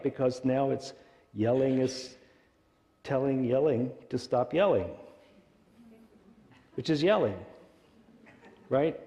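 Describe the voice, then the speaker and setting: Male minister with a warm, mellow voice. Preaches conversationally and keeps checking in with "right?". Church hall reverb. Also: medium pitch. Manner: conversational, often asks the congregation rhetorical questions. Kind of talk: sermon. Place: church sanctuary.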